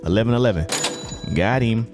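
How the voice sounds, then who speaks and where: A man's voice: on the low side, a little fast, over music. A man hosting a livestream, talking in a loose, rambling way with plenty of fillers. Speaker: livestream host. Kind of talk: casual livestream talk.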